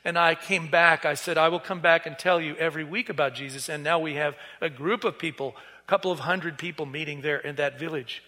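A man's voice: fairly high pitch, a little fast, few pauses, bright, forceful tone. A man preaching a sermon, telling a story earnestly and acting out the voices of the people in it. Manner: earnest, acts out quoted voices. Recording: reverberant hall.

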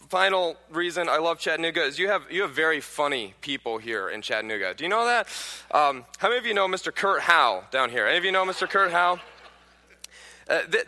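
A man's voice: fairly high pitch, pushed and bright. A man in his thirties from Pennsylvania, a guest preacher telling humorous stories and quizzing the congregation. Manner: joking, questions the audience. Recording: echoey church hall.

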